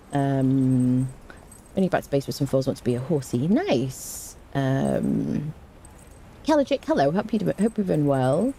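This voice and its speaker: Low mellow British woman streamer. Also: a little hiss or hum. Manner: chatty, greets viewers, frequent ums and self-corrections. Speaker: game streamer. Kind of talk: live-stream chat and reading patch notes.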